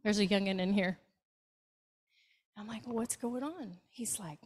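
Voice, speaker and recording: A woman's voice: medium pitch, unhurried, pauses often, slightly rough. A woman with a Southern US accent, a hospice nurse telling stories to a club meeting and acting out the people in them. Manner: warm anecdotal storytelling with acted quotes. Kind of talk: storytelling talk to a club. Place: meeting room, hybrid meeting.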